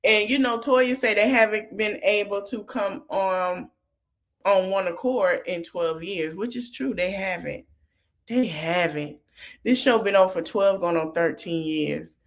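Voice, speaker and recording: A woman's voice: medium pitch, measured pace. A woman podcast host in a casual recap, chatting informally, laughing often and retelling scenes with quoted lines. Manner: informal colloquial speech.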